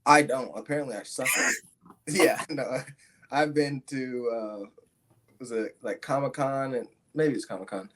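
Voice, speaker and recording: A man's voice: medium pitch, moderate pace, fairly bright tone. Young guy rambling thru a story, lots of ums and restarts. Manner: rambling, many fillers and restarts. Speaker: interview guest, fighter. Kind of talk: casual storytelling.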